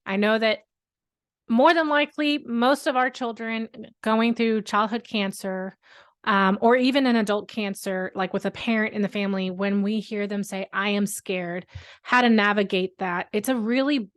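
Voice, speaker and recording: A woman's voice: medium pitch, steady tone, normal speed. A woman in her thirties, a therapist and mother, talking candidly and conversationally to her audience with many fillers and emphatic stresses. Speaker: host, therapist and parent. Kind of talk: casual talk to camera.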